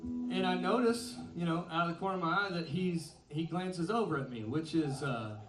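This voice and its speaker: A man's voice: fairly high pitch, moderate pace, far from the mic. Chatty man telling a story on stage. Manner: chatty, self-deprecating, laughing often. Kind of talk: on-stage storytelling between songs. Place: concert venue with an audience. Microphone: stage microphone through a PA. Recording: roomy concert sound from afar, music behind. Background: live band music.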